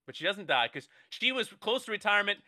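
A man with a high, bright voice riffs through a made-up movie plot for his co-hosts. He rambles playfully and keeps stopping to restart his sentences, all in a loose improvised comedy pitch. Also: very animated, fast talker. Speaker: comedy podcast co-host.

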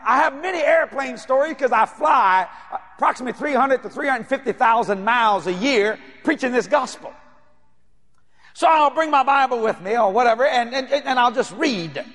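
A man preaching a sermon, telling stories in an animated, playful way and often shouting. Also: very high-pitched, moderate pace. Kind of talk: sermon with storytelling.

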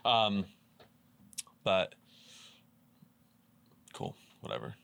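A man's voice: fairly low pitch, big pitch swings, extremely slow, vocal fry, fairly bright tone, clear, resonant tone, no room sound. A man co-hosting a podcast in casual chat, laid-back and swearing freely. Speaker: podcast co-host.

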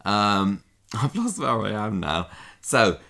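Man, low deep voice, chatty podcast co-host, laughs often. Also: sing-song, slow pace, gravelly, bright, forceful tone. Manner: chatty, laughing, acting out quotes. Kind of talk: casual chat recapping a soap.

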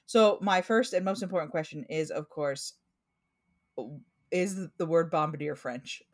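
A woman in her thirties with a Portland accent, co-hosting a casual podcast chat, animated and quick to laugh. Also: low voice. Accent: Portland, Oregon. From Pacific Northwest US. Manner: chatty, laughs often, animated storytelling. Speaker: podcast co-host.

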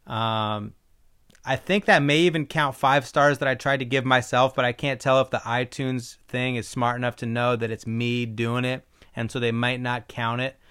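Smooth-voiced opinionated podcast man. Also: medium pitch, fairly bright tone. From Iowa. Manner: opinionated, rambling, frequent ums. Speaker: podcast host. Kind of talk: casual solo podcast commentary.

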